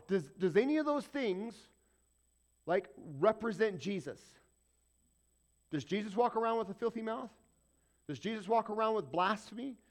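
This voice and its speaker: A man preaching a conversational sermon, asking rhetorical questions and repeating points for emphasis. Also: high voice. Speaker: pastor.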